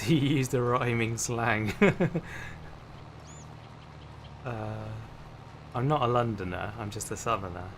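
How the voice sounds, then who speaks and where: A man's voice: medium pitch, slow pace, long pauses. A man from Hampshire chatting casually while streaming a game, laughing often and greeting viewers. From Hampshire, England. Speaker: livestreamer. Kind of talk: casual gameplay chat. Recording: clear game noise behind.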